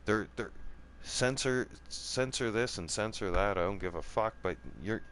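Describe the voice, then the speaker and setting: A man's voice: on the low side, a little slow, fairly bright tone, a little hiss or hum. A man hosting a gaming channel, delivering a heated, profane monologue, angry and defiant, checking in with "right?" and "okay?" over and over. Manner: profane, repetitive, keeps asking "right?" and "okay?"; angry and defiant, voice rising and falling.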